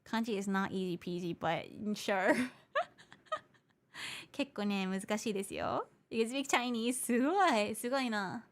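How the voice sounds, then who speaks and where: A woman's voice: medium pitch, moderate pace. Chatty bilingual woman streamer. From Hawaii. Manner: switches between English and Japanese mid-sentence; chatty, explains things patiently and repeats points. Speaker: VTuber streamer. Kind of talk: casual livestream chat, reading viewer comments.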